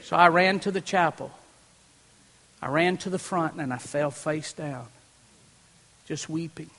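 A pastor preaching a sermon from a church platform, telling a personal story and swinging from hushed moments to loud preaching. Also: male voice, on the high side, unhurried. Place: church platform before a congregation. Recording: long reverb in a large hall.

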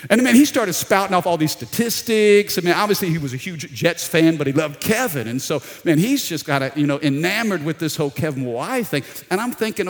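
A middle-aged pastor from South Louisiana with a Louisiana accent, preaching a sermon with animated storytelling, acting out the voices in his story and calling out to the congregation. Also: fairly high pitch, brisk, hardly any pauses. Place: church hall. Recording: long hall reverb.

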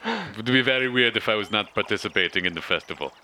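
A man's voice: on the low side, expressive, quick pace, pushed and bright. A man putting on a clumsy foreign accent for a nervous, honorable male festival competitor held hostage.

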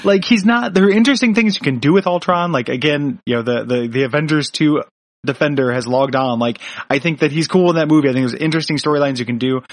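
A man co-hosting a podcast, rambling through a cartoon recap with jokes and frequent restarts. His voice sits a little on the high side. The sound is dry and close, with no room around it. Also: fast talker, no room sound. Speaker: podcast co-host. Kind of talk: casual chat, cartoon recap.

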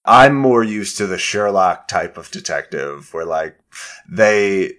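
A man's voice: low-pitched, expressive, slow, a bit bright. A man co-hosting a casual film podcast, talking in a dry, analytical way and laughing easily.

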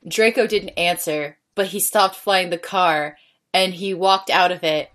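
A woman's voice: on the low side, fairly even intonation, unhurried, fairly bright tone. Playful young woman reading aloud. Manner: playful, questioning the story. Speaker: podcast co-host. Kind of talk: comic dramatic reading.

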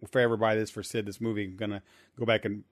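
A man's voice: fairly low pitch, level tone, racing. A man co-hosting a podcast in casual chat, laughing often and repeating words as he thinks. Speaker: podcast co-host.

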